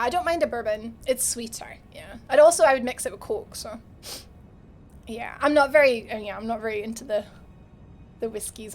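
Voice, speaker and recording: A woman's voice: sits high, a little hiss or hum. A young Scottish woman streaming a game, chatting casually with her chat and laughing often. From Scotland.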